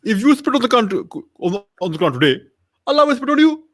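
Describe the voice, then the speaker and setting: A pompous male preacher lectures in a low, mock-solemn drone, as a man puts him on for laughs. The delivery is preachy and sweeps widely in pitch, dipping deep then jumping up for emphasis. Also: big pitch swings, quick pace, fairly bright tone, exaggerated voice. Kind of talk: comic impression.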